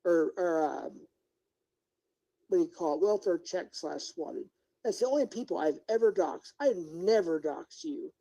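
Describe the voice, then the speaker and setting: Mellow-voiced, confrontational livestreamer scolding someone. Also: medium pitch, lively intonation, unhurried, rough recording. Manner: confrontational, scolding, repeats questions. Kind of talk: livestream rant addressed to one person.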